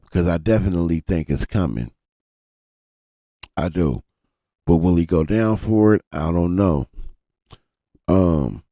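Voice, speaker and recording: A man with a low voice hosts a live stream, talking animatedly and profanely and speaking directly to his chat. The desk mic gives a clean studio sound with no echo.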